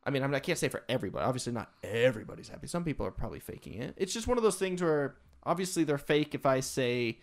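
A man co-hosting a casual podcast chat, animated and rambling, with many restarts. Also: medium pitch, racing, few pauses. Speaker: podcast co-host, streamer.

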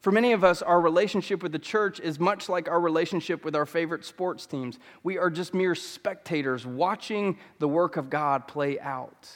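Pastor guy in his 30s giving a sermon, earnest, a bit high-voiced, echo from a big church. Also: normal speed, few pauses. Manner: earnest, repeats key phrases for emphasis. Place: church sanctuary.

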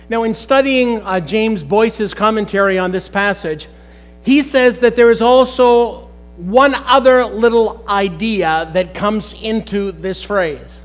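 A man's voice: sits high, takes it slowly, faint music behind, poor audio. A man preaching a sermon to a live congregation in church, asking rhetorical questions and building to emphatic exclamations. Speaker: pastor.

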